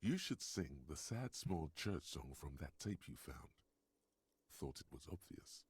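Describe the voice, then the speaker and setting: A man voicing a wry, knowing narrator in a video game, speaking in dry, deadpan lines. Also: very deep voice, measured pace, slightly rough, dry recording, full character voice. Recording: game audio with faint music behind.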